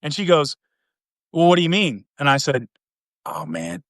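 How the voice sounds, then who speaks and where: Animated man spinning a yarn. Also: moderate pace, no echo, clean studio sound. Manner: animated, acts out quotes with swings in pitch and volume. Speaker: podcast host. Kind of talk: casual storytelling.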